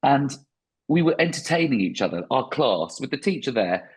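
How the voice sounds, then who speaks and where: A man's voice: medium pitch, big pitch swings, moderate pace, breathy edge. A man, a stand-up comedian, talking reflectively in a podcast interview with frequent restarts.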